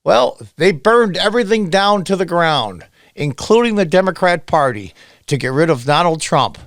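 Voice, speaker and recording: A middle-aged man from upstate New York hosting solo political commentary in a sarcastic, emphatic, lively way. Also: high-pitched, moderate pace, dry recording, clean studio sound.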